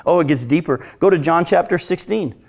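A man preaching a sermon, moving from hushed, slow retellings to loud, pointed questions for the congregation. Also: fairly high pitch, creaky. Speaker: pastor.

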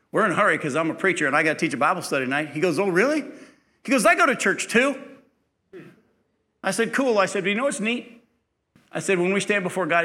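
A man's voice: on the high side, bright, forceful tone. A man preaching a sermon, telling a personal story in a conversational way, acting out the dialogue, then building to emphatic preaching.

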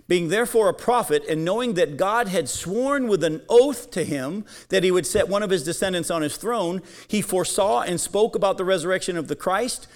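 Guy preaching, high voice, reads scripture then hits the crowd w/ questions. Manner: emphatic, asks the audience questions. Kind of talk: sermon with Bible reading.

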